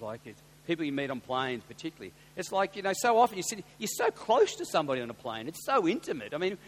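An Australian man preaching as a pastor, telling personal stories and swinging from hushed asides to loud, excited exclamations. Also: high voice. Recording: long reverb of a large hall.

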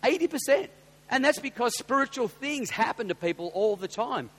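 An Australian man preaching as a pastor, telling personal stories and swinging from hushed asides to loud, excited exclamations. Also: extremely high pitch, normal speed. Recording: long reverb of a large hall.

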